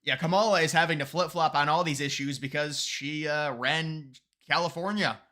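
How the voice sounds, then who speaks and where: This live streamer delivers political commentary and replies to chat messages in a fairly high, sharp voice at a moderate pace. He's argumentative, becomes heated and emphatic, and often restarts and repeats himself.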